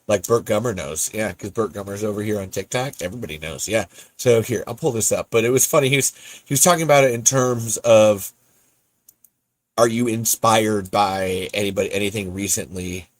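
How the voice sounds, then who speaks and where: A man's voice: lowish voice, normal speed, no echo. A man hosting a podcast in casual, rambling livestream chat, breaking off mid-thought and laughing often. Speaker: podcast host.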